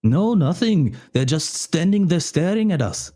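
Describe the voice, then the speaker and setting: Guy playing a jittery wagon driver from a quarry, voice a touch higher than his own, accent keeps wandering. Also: animated, unhurried, mellow. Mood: uneasy. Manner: accent drifting from one to another.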